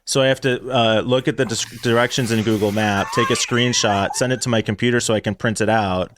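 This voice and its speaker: A man's voice: mid-range voice, fairly even intonation, a little fast, background noise. A man co-hosting a podcast in casual chat, with dry, self-mocking humor. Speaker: podcast co-host.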